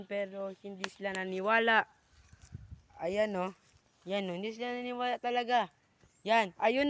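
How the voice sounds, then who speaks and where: A young man in his teens with a Filipino accent, a Tagalog speaker vlogging outdoors in a park on a phone for a school project, halting and apologetic as he searches for English words and slips into Tagalog. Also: sits high, fairly bright tone, a little hiss or hum. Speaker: student vlogger. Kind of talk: casual walking vlog, mixing English and Tagalog. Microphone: phone held while walking.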